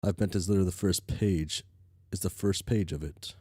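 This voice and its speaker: A man streaming as he reads a webcomic aloud, talking casually, often halting and stammering. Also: low-pitched, a little mellow, dry recording, clean studio sound. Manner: halting, stammers and restarts, mutters to himself.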